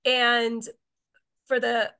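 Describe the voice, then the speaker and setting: Woman from Israel, tour guide presenting on a video call; a slightly high voice, loose and rambling with lots of fillers. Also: monotone, extremely slow, pushed and bright, clean tone. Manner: chatty, meandering, many filler words. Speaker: tour guide giving a talk.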